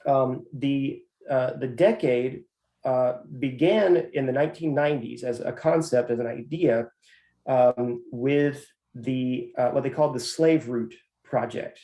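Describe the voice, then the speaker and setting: A university professor speaks as a guest in a measured, deliberate way, filling his pauses with "uh." His voice is dark and mellow. The sound is roomy and echoey. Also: mid-range voice. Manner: measured, with many "uh" fillers. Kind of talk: interview answers. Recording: roomy echo.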